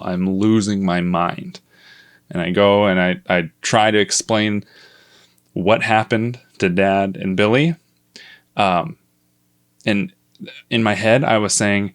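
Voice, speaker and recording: Young guy, lowish voice, casual self-mocking storyteller who swears a lot. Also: clear, resonant tone.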